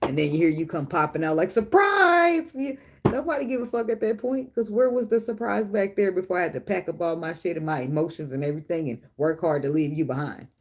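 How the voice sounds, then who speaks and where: A woman's voice: low voice, fast, hardly any pauses, darkish tone. A middle-aged woman hosting a casual chat with viewers. She tells blunt, profane stories and laughs often. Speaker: tarot reader and channel host.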